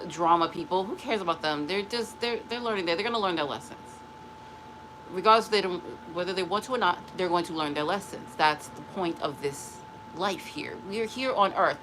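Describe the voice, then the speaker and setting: A woman's voice: fairly low pitch, fairly bright tone, a little hiss or hum, rough recording. A middle-aged woman hosting a spiritual live stream, giving a blunt, emphatic motivational talk that repeats phrases for stress. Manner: blunt and dismissive.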